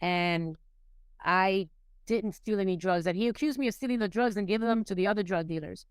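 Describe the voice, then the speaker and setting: A woman from New York City, appearing as a podcast guest, tells a candid, emotional story of her personal recovery, restarting sentences and repeating words often. Her mid-range voice is brisk and clear with a resonant tone. The recording is dry.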